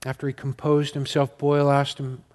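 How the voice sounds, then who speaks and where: A man's voice: medium pitch, completely flat delivery, moderate pace, a little mellow. A man preaching a sermon as pastor, telling a story earnestly and repeating key words for emphasis.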